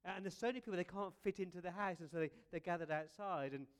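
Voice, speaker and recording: Male preacher, slightly high voice, animated storyteller, chatty, rhetorical questions. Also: fast talker, smooth. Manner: lively, conversational, repeats words, rhetorical questions. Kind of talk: storytelling sermon.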